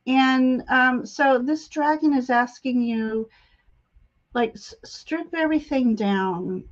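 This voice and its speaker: A woman with a fairly high voice gives a gentle, affirming intuitive reading on a live stream. Her words come in soft bursts with pauses and fillers. The audio is dull and lo-fi, as from a computer mic. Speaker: tarot reader and live stream host.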